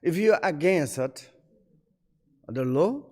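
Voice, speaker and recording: Tibetan-accented male Buddhist teacher, unhurried, lively pitch swings, halting English, long hall reverb. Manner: rhetorical questions answered himself, broken grammar.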